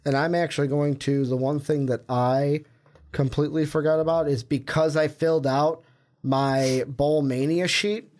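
A man's voice: on the high side, fairly even intonation, normal speed, a little mellow. A young man co-hosting a casual sports podcast, talking in a rambling, chatty way and often correcting himself. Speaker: podcast co-host.

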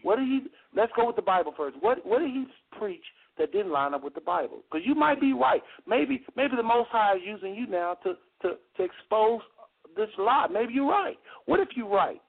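Insistent male radio host on a phone-quality line, high and very animated, presses his point over and over. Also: normal speed, creaky. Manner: insistent, repeats himself to interrupt. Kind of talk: heated call-in radio debate.

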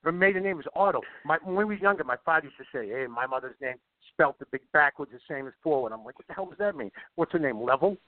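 A middle-aged man telling long rambling stories in a casual, animated way. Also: on the high side, fast talker, few pauses. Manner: rambling, animated, repeats himself. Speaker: guest. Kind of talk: casual storytelling. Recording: tinny dry call line.

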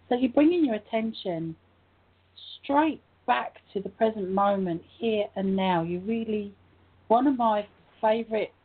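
A woman co-hosting a spiritual talk show, her voice croaky, gently guiding listeners through a meditation. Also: medium pitch. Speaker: co-host. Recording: tinny phone-like line.

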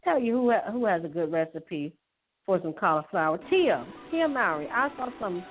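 A woman with a lowish, lively voice talks at a moderate pace while hosting a casual health-tips show. She chats loosely, with lots of fillers and restarts. The audio sounds tinny and phone-like, with faint music behind her.

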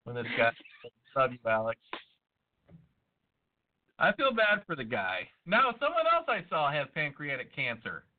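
A man's voice: a little high, wildly swooping pitch, moderate pace. Profane joking man on a tinny line. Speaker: podcast host. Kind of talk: crude casual banter. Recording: tinny phone-like audio.

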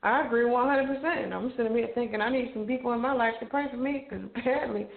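Lady on the phone, kinda gravelly, echoey room, tinny. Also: a little high, quick pace. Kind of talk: casual chat.

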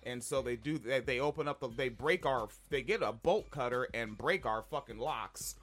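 A man co-hosting a podcast, telling a story in a casual, profane, animated way. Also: medium pitch, normal speed. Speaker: podcast co-host. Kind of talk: casual chat.

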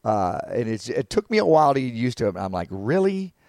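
A man co-hosting a podcast in casual chat, an animated storyteller who laughs often. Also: medium pitch, quick pace, creaky, dry recording, clean studio sound. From North Carolina. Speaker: podcast co-host.

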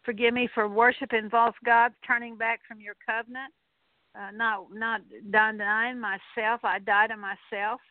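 A woman with a fairly high voice leads a deliverance prayer in earnest, repeated declarations. The sound is tinny and narrow, like an old radio broadcast, close and dry with no room around it. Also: flat delivery, measured pace, dry recording. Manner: earnest, repetitive declarations, occasional fillers. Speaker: radio minister.

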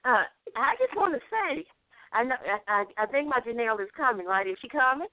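A woman's voice: high-pitched, lively intonation, brisk, dry recording. Woman co-host, playful, teasing, rhyming, tinny phone-line sound. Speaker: co-host reciting sports rhymes. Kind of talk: casual radio chat and rhymed rundown.

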